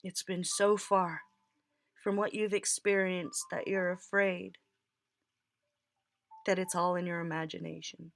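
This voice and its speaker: A woman's voice: fairly low pitch, little pitch movement, measured pace, gravelly, long pauses, fairly bright tone. Tearful woman giving a tarot reading. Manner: tearful, laughing, heartfelt, reassuring. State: crying. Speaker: tarot reader. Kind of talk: emotional tarot reading to viewers.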